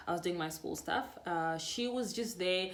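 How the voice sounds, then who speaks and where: A young Namibian woman telling a story in a casual vlog, chatty and animated, laughing, full of restarts. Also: lowish voice, moderate pace. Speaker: vlogger.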